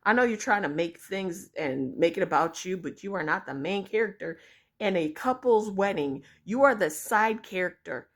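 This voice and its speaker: A woman's voice: mid-range voice, expressive, moderate pace. A young woman vlogging her opinions, blunt and exasperated, swearing freely as she rants to her viewers. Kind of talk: opinion rant to camera.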